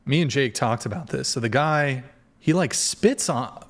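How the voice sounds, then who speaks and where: A man's voice: mid-range voice, expressive, moderate pace. Rambling casual podcast host, man. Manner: rambling, filler-heavy, restarts. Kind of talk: casual reaction chat.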